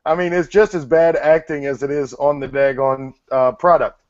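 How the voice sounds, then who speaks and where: With a slightly high, steady-toned voice at normal speed, this show host chats casually with a guest on his own interview program, bluntly teasing and cursing. The recording has no echo and sounds dry, muffled, and lo-fi.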